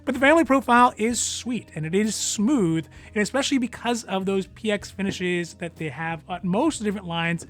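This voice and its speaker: High-voiced man chatting casually. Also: moderate pace, few pauses. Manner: relaxed, rambling, many fillers and chuckles. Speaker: whiskey channel host. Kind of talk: casual review vlog.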